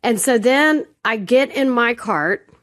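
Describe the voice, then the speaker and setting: A woman co-hosting a podcast, telling a personal story in casual chat, animated and self-deprecating. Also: fairly high pitch, takes it slowly. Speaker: podcast co-host.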